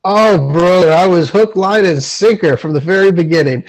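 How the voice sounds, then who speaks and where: A man's voice: high-pitched, moderate pace, rough recording. A man co-hosting a podcast, chatting casually about movies in a rambling, enthusiastic way with many fillers. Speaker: podcast co-host. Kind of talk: casual movie review chat.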